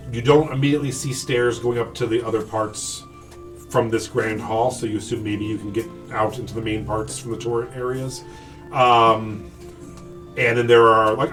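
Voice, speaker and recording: A man's voice: on the low side, fairly even intonation, moderate pace, fairly bright tone, distant mic, soft background music. A man running a tabletop game as game master, describing scenes with frequent ums and restarts. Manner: hesitant, lots of ums and restarts.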